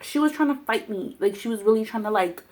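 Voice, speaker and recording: A woman's voice: a little high, lively intonation, fast talker, darkish tone. Brief: woman, 20s, casual vlogger, profane and heated storyteller. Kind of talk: casual storytelling while eating.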